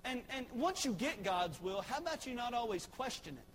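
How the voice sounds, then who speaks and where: A pastor with an unusually high-pitched voice delivers a sermon in a church sanctuary. He preaches emphatically, driving points home by repeating phrases. A faint hum sits beneath him. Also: very animated, fairly quick, fairly bright tone.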